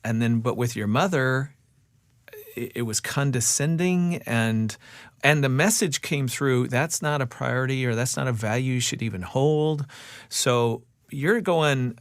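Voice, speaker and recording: A man's voice: mid-range voice, measured pace, no echo, clean studio sound. A male podcast host in an interview conversation, reflective and empathetic, summing up what his guest has said.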